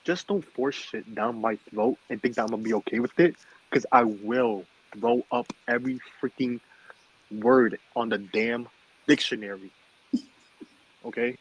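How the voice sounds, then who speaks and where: A man with a husky voice talks in casual podcast chat. He tells his story emphatically, pressing each point and checking that his listeners follow. His pitch sits in a middle range. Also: measured pace, lo-fi sound. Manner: emphatic storyteller, keeps asking "okay?". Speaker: podcast co-host.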